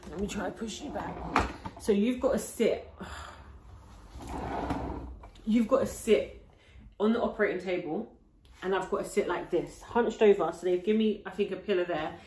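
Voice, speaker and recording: Talking to the camera she films herself with, a young woman vlogger shares her labour story casually and breathlessly, with frequent likes and restarts. Her medium-pitched, darkish voice moves at a moderate pace with frequent pauses, and the echoey recording has a little hiss or hum.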